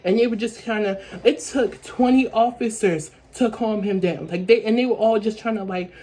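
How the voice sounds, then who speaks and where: A woman's voice: on the high side, normal speed, warm tone. A young adult woman telling a story-time vlog in a rambling way, repeating herself with many fillers. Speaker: vlogger.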